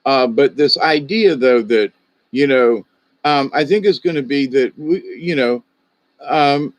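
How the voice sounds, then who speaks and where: A man's voice: medium pitch, a little slow, no room sound. A middle-aged man with a Southern US drawl, hosting a casual livestream chat, rambling and chuckling as he talks to viewers by name. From American South. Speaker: livestream host.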